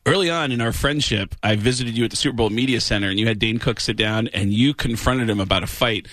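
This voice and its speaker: A male comedian on a talk show, telling stories in an animated way. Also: mid-range voice, quick pace, dry recording. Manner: animated storyteller. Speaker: guest comedian. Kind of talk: storytelling.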